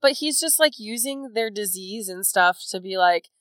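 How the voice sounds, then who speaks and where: A woman co-hosting a casual book podcast, chatty and loose, with many "like"s and "you know"s. Her voice sits at a medium pitch. The sound is dry and close. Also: animated, moderate pace, fairly bright tone, clear, resonant tone, no echo. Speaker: podcast co-host. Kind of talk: casual chat.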